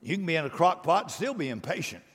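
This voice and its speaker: A man preaching a sermon, animated and conversational, acting out voices and joking with the congregation. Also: fairly high pitch, fast talker, breathy edge, long reverb tail. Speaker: pastor.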